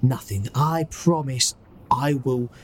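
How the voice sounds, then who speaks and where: A man's voice: medium pitch, slow, slight background noise, close to an everyday voice. A man voicing an oozy creature posing as an inspector, in a put-on Cockney accent. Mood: reassuring. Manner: soothing, earnest. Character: ooze creature faking a Cockney inspector, reassuring.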